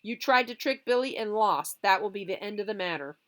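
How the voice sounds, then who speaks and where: A woman doing a stern, measured father. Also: mid-range voice, lively intonation, a bit bright, natural voice. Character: angry scolding father.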